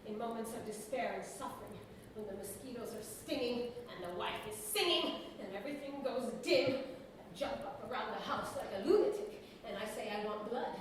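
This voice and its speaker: A woman playing an overworked middle-aged husband, ranting through a theatrical comedy monologue that swings from loud to soft. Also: a little high, normal speed, few pauses, a little hiss or hum, natural voice. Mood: frantic ranting. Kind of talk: stage comedy acting. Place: theatre stage. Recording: echoey stage recording from far off.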